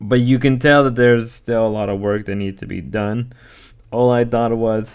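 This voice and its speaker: A man's voice: medium pitch, steady tone, moderate pace, a little mellow, smooth. A man giving casual, rambling commentary on clips, often correcting himself. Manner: rambling, candid, self-correcting. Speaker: streamer reacting to clips.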